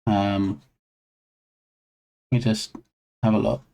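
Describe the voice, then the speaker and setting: A man's voice: lowish voice, flat delivery, slow, creaky, dark tone. A man hosting a game development live stream, chatting casually with his audience in a playful way and laughing often. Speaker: game dev livestream host.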